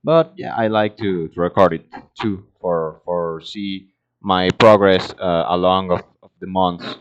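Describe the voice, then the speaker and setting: A man, a language learner talking casually in English, halting and hesitant as he searches for words. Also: low-pitched, fairly even intonation, smooth. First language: Spanish. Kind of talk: casual monologue practicing English. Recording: dull lo-fi recording.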